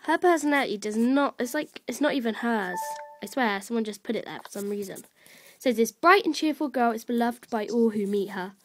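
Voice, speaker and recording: A woman's voice: on the high side, lively intonation, fairly quick. A woman chatting casually and rambling with many fillers while she shows off her virtual pets. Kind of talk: casual gameplay chat.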